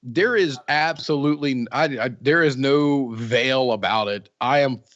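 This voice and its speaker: A man's voice: mid-range voice, unhurried, a bit bright, dull audio. A man co-hosting a casual podcast from Central Ohio, joking and rambling with restarts. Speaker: podcast host.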